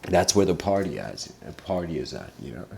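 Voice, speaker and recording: Male lecturer with a very low voice who rambles through a parable and clears his throat often. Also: sing-song, normal speed, warm tone, a little hiss or hum. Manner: meandering storytelling, frequent throat clearing. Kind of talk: livestreamed philosophical lecture.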